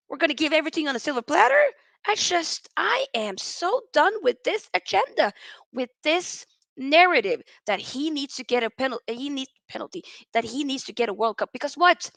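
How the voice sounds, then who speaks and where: A woman's voice: high voice, vocal fry, fairly bright tone, no echo. A woman hosting a live football reaction stream, ranting with exasperation and reading out viewer chat comments. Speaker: football channel host.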